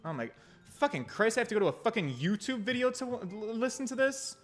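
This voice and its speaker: A man's voice: very high-pitched, very animated, fast talker, fairly bright tone, soft background music. Profane American man streaming a game. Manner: profane, exasperated, rambling. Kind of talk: casual gameplay commentary.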